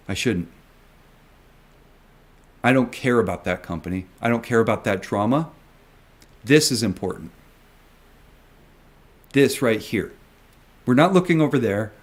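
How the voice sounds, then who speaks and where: A man who invests in stocks, talking to his viewers in a video. He rants emphatically, repeats himself and swears often. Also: mid-range voice. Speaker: retail stock investor vlogger. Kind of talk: ranting video commentary.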